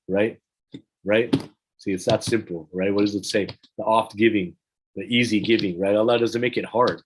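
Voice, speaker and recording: A man preaching and leading a supplication in a pleading, earnest way, with a husky voice. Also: on the low side, steady tone, moderate pace, poor audio. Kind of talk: religious sermon and prayer.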